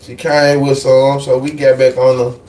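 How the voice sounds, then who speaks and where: Animated man telling a storytime, roomy sound. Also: medium pitch, normal speed, recorded from a distance. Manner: animated, profane, repeats his lines for emphasis. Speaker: live streamer telling a story. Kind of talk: casual storytime.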